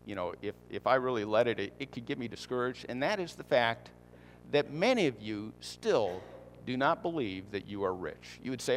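A man's voice: mid-range voice, expressive, moderate pace, big-room sound, slight background noise. A man preaching a sermon in a conversational way, repeating his key points and asking the congregation rhetorical questions. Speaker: pastor.

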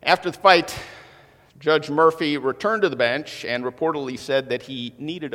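A man preaching a sermon in a casual, conversational way, with lively asides and quick impressions of people. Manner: animated, conversational, mimics moviegoers in higher voice. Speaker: pastor. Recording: long hall reverb.

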